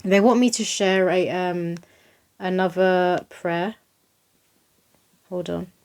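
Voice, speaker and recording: A woman's voice: fairly low pitch, steady tone, slow, a little mellow. A young woman giving a casual channeled spiritual reading to camera, earnest and reassuring, often repeating her points.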